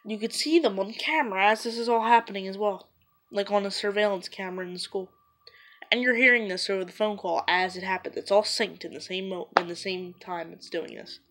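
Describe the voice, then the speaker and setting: A woman's voice: mid-range voice, brisk, fairly bright tone. Rambling woman vlogger talking casually. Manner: rambling, loose, full of "like". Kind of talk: casual retelling to camera.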